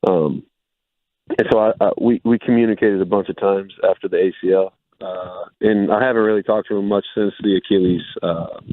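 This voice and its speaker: A man's voice: low-pitched, steady tone, a little fast. Upbeat man on a tinny phone line. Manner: upbeat, laid-back, many fillers like "like". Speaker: guest, former pro football player. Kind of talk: casual radio interview. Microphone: phone call-in.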